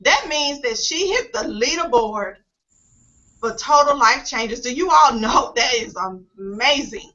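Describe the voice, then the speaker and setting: A woman's voice: high voice, lively intonation, a little slow, bright, forceful tone. A woman hosting a casual online team call, upbeat, encouraging and emotional. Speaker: host. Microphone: video call. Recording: dull lo-fi web call audio.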